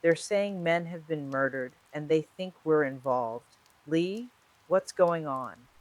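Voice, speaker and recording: A scared young woman pushing anxiously for the truth, as a storyteller puts her on. Her lines sit a little higher than the storyteller's plain narration. The reading stays close to an everyday voice. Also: slow pace, natural voice, poor audio. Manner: anxious, pressing. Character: frightened young woman coaxing a confession. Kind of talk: true-crime storytelling.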